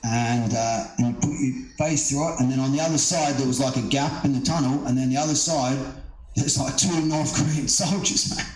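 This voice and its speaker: A man's voice: mid-range voice, fairly even intonation, moderate pace, faint music behind. A middle-aged man, a stand-up comedian, telling a story in a casual, rambling way, with lots of swearing, fillers and restarts. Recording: roomy echo.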